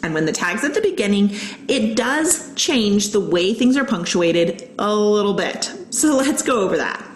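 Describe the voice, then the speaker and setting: A woman's voice: medium pitch, animated, moderate pace, reverberant, low-quality recording. A woman teacher patiently walking young students through a writing lesson, explaining each step and reading example sentences aloud. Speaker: elementary school teacher. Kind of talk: recorded online lesson.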